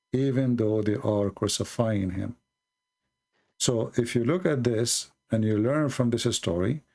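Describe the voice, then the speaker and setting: Slow-preaching man, gravelly voice. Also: fairly low pitch, a little mellow. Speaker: Christian apologist answering a caller. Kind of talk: earnest religious explanation.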